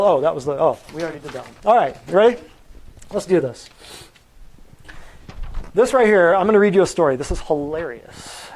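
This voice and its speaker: A man with a slightly higher voice lectures a live audience on natural health. He is emphatic and blunt, often firing questions at the room to drive each point home. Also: lively intonation, fairly quick, pauses often, a little mellow, poor audio. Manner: blunt and combative. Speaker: natural health practitioner giving a talk.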